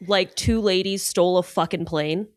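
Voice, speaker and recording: A woman's voice: on the low side, steady tone, moderate pace, no echo, clean studio sound. A woman hosting a podcast, chatting casually as a climbing coach, swearing freely and trailing off mid-thought. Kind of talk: casual chat. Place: podcast studio.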